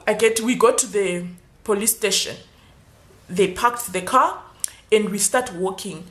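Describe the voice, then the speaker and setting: A young adult woman telling a storytime vlog, animated and acting out the dialogue. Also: medium pitch, unhurried, roomy sound. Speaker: YouTuber.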